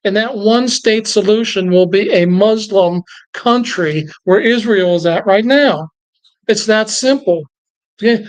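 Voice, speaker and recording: A man teaches a church Bible class in a loose, conversational style. He gets animated and worked up as he goes, often breaking off and restarting his sentences. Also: high-pitched, measured pace, low-quality recording. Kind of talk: casual church Bible lesson.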